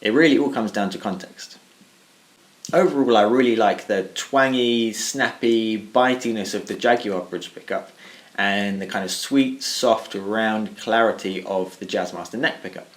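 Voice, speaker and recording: Male guitarist, lowish voice, measured and reflective, hedges his opinions. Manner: thoughtful and even, hedging with "I think" and "kind of". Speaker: guitarist reviewing his own tone clips. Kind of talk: measured spoken summary of a gear comparison.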